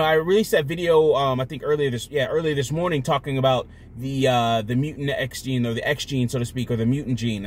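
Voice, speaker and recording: A male vlogger talking straight to camera in a loose, rambling monologue at a mid-range pitch. He is blunt and profane, with lots of fillers and restarts, and often drops to a quieter, lower mutter when he turns to personal matters. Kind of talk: casual monologue.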